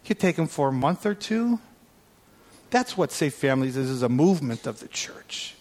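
A man preaching a sermon, telling a story and acting out his prayers and phone calls with lively delivery. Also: a little high, moderate pace. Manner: animated storyteller, acts out quoted prayers and calls. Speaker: guest preacher.

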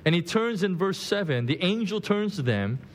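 A man's voice: high voice, big pitch swings, moderate pace. A man preaching a sermon in a conversational way, acting out the quoted lines with big swings in his voice. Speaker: pastor.

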